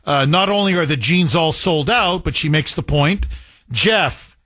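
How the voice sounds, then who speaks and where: A man hosting a talk radio show, emphatic and excitable, laughing often. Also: fairly high pitch, unhurried, dry recording.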